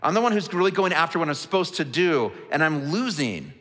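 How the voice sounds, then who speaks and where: A man's voice: on the high side, very animated, brisk, fairly bright tone, long reverb tail, voice pushed up. A man voicing a frustrated male prophet who complains, pleading and indignant. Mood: exasperated. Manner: exasperated, pleading.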